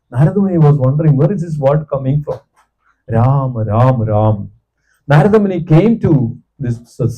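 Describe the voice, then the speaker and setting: A man giving a devotional class, telling a scripture story, asking his listeners questions and chanting repeated syllables softly until they fade out. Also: on the high side, low-quality recording. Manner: asks the audience questions and answers them.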